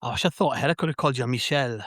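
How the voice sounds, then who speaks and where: A man's voice: medium pitch, rapid-fire, a bit bright, no echo, studio quality. A man hosting a casual football podcast, chatty and joking, rambling with fillers. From North East England. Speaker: podcast host.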